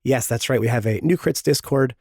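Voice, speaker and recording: A man with a sore, hoarse throat, hosting and reading a podcast promo with joking, self-pitying asides. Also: medium pitch, brisk, darkish tone, dry recording, studio quality. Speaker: podcast host.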